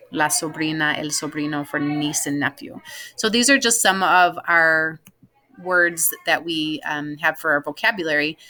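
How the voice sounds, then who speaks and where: A woman's voice: low-pitched, bright, forceful tone. A woman teaching a recorded Spanish class, patiently explaining family words step by step with frequent ums.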